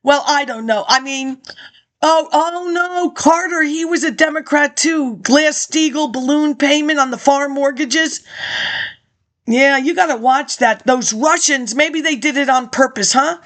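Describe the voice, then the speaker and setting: Woman, high voice, reads archive speech aloud, drifts into loose chatty asides. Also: unhurried, fairly bright tone. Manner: rambling, chatty asides, frequent laughs and throat clearing. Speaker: reader of archive documents. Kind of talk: reading a speech aloud with offhand commentary.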